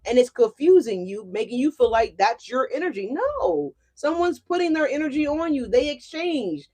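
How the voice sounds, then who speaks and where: A young adult woman gives a casual tarot reading in a fairly high voice. She is lively and profane and speaks straight to her viewers. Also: moderate pace. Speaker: tarot reader.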